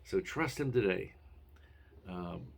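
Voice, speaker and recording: Gravelly low-voiced male preacher. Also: expressive, takes it slowly. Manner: earnest, encouraging, with some hesitations. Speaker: pastor. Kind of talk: devotional radio message.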